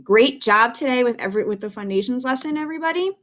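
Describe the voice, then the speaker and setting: Her voice is on the high side, animated and quick, with a fairly bright quality. She is a second grade teacher giving young children a recorded phonics lesson, encouraging and patient, her words clear and careful.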